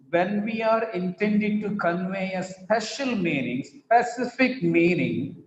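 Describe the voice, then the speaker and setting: A man with an Indian English accent teaching an English lesson, repeating example sentences and stressing syllables. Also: sits high. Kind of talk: classroom lecture on stress and rhythm. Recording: dull, roomy echo with long reverb.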